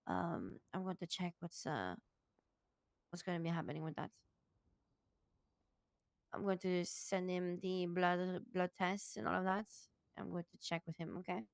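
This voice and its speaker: A woman with a rough morning voice, playing a doctor in roleplay and talking in halting, apologetic bursts with many restarts. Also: on the low side, no room sound. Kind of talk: in-character roleplay chat.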